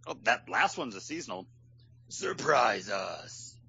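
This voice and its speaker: A man voicing a gruff old male bartender, speaking slowly and deadpan. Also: fairly low pitch, highs cut off, full character voice.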